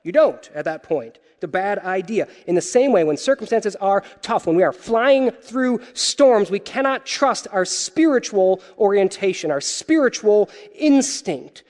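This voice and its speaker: High-voiced man preaching in a reverberant hall. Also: unhurried, hardly any pauses. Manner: animated, playful asides, swings from loud to hushed. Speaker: pastor. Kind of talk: sermon. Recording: long reverb of a large hall.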